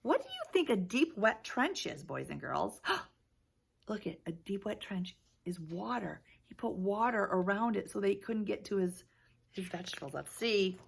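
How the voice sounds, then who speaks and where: A woman teacher reading a picture book aloud to young children, with lively gasps and questions. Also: medium pitch, measured pace, vocal fry, breathy edge. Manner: animated storytelling, gasps and asks questions. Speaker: preschool teacher.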